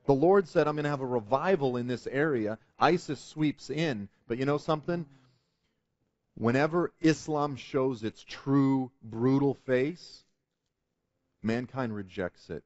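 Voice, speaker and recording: A man's voice: mid-range voice, unhurried, a little mellow, no room sound, highs cut off. A man telling a testimony story as a guest on a Christian talk show, earnest and building to emphatic preaching. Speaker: guest speaker.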